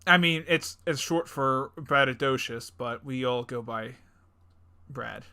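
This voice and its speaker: A man's voice: mid-range voice, slow, bright, forceful tone, clean tone. A young man co-hosting a podcast in casual chat, jokey and rambling, laughing often. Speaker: podcast co-host.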